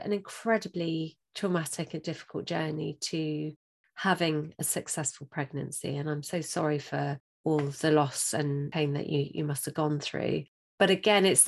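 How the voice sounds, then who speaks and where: A woman hosting a podcast, asking questions in a gentle, sympathetic way. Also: low-pitched, gravelly. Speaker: podcast host.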